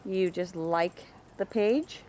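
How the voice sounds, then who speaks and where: A woman talking casually about her dogs in her yard, chatting away and calling to them in a high sing-song. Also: slow pace, dark tone, a little hiss or hum. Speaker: dog breeder. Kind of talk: casual home video narration.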